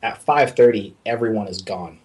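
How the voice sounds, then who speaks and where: A man's voice: lowish voice, moderate pace, breathy edge. A young man chatting casually, telling a story about working abroad, acting out the dialogue and swearing freely. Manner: animated, swearing, acts out quoted dialogue. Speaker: artist recalling working abroad.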